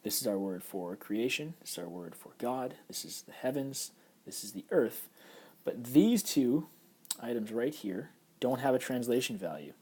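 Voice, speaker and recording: A man's voice: mid-range voice, very animated, moderate pace, mellow, breathy edge. A man teaching a recorded Hebrew grammar lecture, explaining patiently over slides with frequent fillers.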